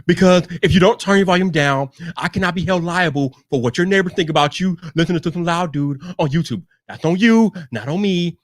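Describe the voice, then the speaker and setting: High-voiced hyped-up tech streamer man. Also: fairly quick, hardly any pauses. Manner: energetic, repetitive hype with shouted catchphrases; greets chat viewers one by one. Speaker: tech live-stream host. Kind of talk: hyped live-stream banter.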